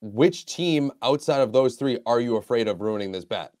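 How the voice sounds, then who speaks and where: A man's voice: mid-range voice, lively intonation, normal speed, a little mellow, no room sound, studio quality. A man co-hosting a casual sports podcast in an easygoing, laid-back way. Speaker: podcast co-host.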